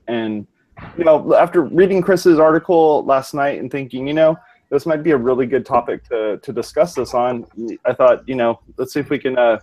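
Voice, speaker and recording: A male podcast host in casual chat, upbeat and relaxed. He talks loosely with plenty of fillers. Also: mid-range voice, rough recording.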